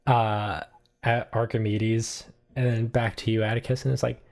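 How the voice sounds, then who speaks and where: A man's voice: fairly low pitch, flat delivery, a little slow, a little mellow. Guy running a tabletop game, loose and casual narration, lots of ums. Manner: casual, hesitant, full of fillers. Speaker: game master.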